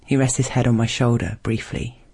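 A man reading a first-person erotic story aloud in a low, measured, intimate way. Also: little pitch movement, vocal fry, darkish tone, breathy edge.

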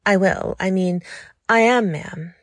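A woman's voice: medium pitch, dry recording, clean studio sound. A woman voicing a jumpy, eager young man. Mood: eager, nervous. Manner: hurried, breathy and deferential.

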